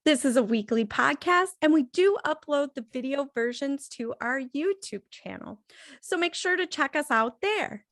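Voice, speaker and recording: A woman's voice: high-pitched, animated, normal speed, fairly bright tone, no echo, clean studio sound. Bubbly woman podcast co-host. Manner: bubbly, laughs often. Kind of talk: casual comedic chat.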